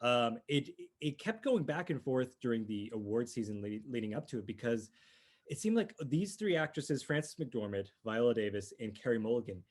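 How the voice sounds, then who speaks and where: Man, podcast co-host, casual movie chat, rambling, eager, mid-pitched voice. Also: big pitch swings, normal speed. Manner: rambling, restarts often, enthusiastic.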